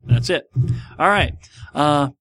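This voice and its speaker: A man's voice: fairly high pitch, lively intonation, slow pace, fairly bright tone. A middle-aged man hosting a casual podcast, answering listener questions in a rambling, self-mocking way. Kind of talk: casual chat.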